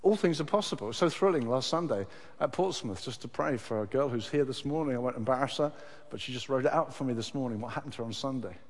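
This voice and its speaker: Impassioned preacher in a reverberant hall. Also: male voice, mid-range voice, animated, fast talker. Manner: impassioned, swings from hushed to shouting. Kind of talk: sermon.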